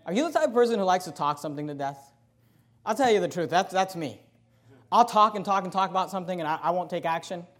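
A man with a notably high voice preaches a sermon. He reads scripture slowly and deliberately, swings up into emphatic preaching, then drops into a confiding, conversational tone. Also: lively intonation, a bit bright. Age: adult, married. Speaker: pastor.

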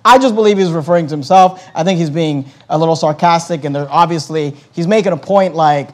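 A man's voice: on the high side, brisk, hardly any pauses. A man preaching a conversational Bible-teaching sermon, explaining verses with plenty of fillers and restarts.

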